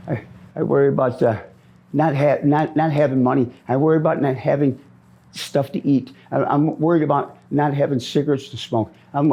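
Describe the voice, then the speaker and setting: A man's voice: medium pitch, creaky, mellow, breathy edge, dull audio. A middle-aged man from Minnesota answering interview questions on the street, rambling, repeating himself and often ending with "man.".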